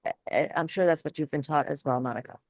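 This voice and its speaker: A woman speech coach hosting a live webinar Q&A, talking in halting phrases with many fillers and restarts over a video call. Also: low voice, a little mellow, dry recording.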